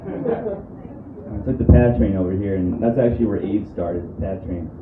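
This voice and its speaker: A young man from the New doing a stand-up set in a comedy club, deadpan and halting, with many ums and restarts. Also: fairly low pitch, phone-quality sound. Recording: roomy club audio from a distant mic with room noise.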